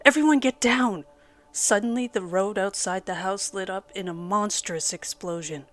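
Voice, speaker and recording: A woman reading a scripted horror story aloud as its narrator, in a steady storytelling delivery. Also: mid-range voice, moderate pace, a little hiss or hum.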